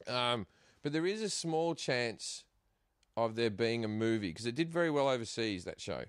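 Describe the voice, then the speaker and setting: A middle-aged Australian comedian telling stories in a casual chat, animated and quick to laugh, acting out other people's lines. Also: male voice, medium pitch, clear, resonant tone, no room sound, clean studio sound. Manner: animated, acts out quotes in put-on voices, laughs often. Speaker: guest comedian. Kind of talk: casual storytelling.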